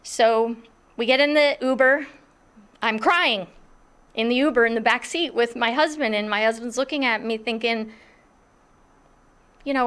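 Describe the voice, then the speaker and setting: Middle-aged woman, slightly high voice, animated self-mocking storyteller. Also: a little slow, pauses often, clear, resonant tone. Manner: animated, self-mocking, acts out others' thoughts. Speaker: coach telling a personal story. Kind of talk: personal storytelling.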